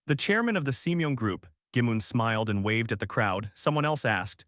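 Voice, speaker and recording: A man narrating a story recap in a steady, scripted way. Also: mid-range voice, fairly quick, few pauses, no echo, clean studio sound.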